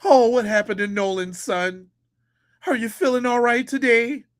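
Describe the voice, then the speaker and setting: A man mimicking a concerned middle-aged father in a slow, soft, folksy voice. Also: extremely high pitch, no room sound, studio quality. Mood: mock concern.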